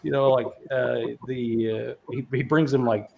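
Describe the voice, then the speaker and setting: A man's voice: medium pitch, fairly even intonation, a little slow, gravelly. Laid-back man rambling about movies. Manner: rambling, laughing, swears freely. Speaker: podcast host. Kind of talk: casual movie chat. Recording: dull lo-fi sound.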